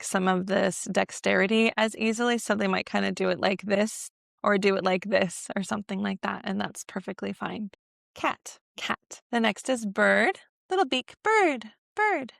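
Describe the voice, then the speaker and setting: A woman's voice: medium pitch, creaky, fairly bright tone, dry recording, clean studio sound. A woman in her thirties teaching baby sign language at home, slipping into sing-song baby talk to model each sign. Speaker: parenting educator.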